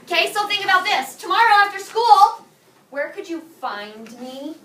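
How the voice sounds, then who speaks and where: Bright, high-voiced woman teaching a class. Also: moderate pace, a little hiss or hum. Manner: energetic, playful, drills the class with call-and-response. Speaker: high school Spanish teacher. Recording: echoey classroom, mic far off.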